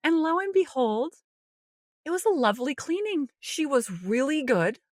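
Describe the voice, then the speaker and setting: A woman co-hosting a podcast, telling a personal story in a casual, animated way, acting out her own inner voice with light laughs and lots of "like". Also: high-pitched, moderate pace, no echo, clean studio sound. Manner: frequent light laughter and "like" fillers. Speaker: podcast co-host.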